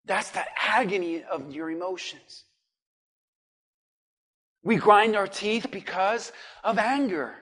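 A male pastor preaching a sermon, acting out the cries of people with sudden shouts. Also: high voice, slow pace, pauses often. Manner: dramatic, acts out voices of people in hell.

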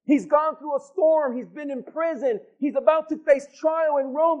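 Male pastor preaching in church, really high voice, lots of repeating for emphasis, muffled lo-fi sound. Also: darkish tone. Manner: emphatic repetition and rhetorical questions to the congregation. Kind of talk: sermon. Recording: dull lo-fi sound.

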